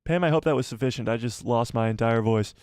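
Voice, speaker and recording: A man's voice: mid-range voice, fast talker, darkish tone, smooth, no room sound, clean studio sound. A man hosting a casual live stream, reading out viewer messages and chatting back to them by name, laughing often, on a headset mic.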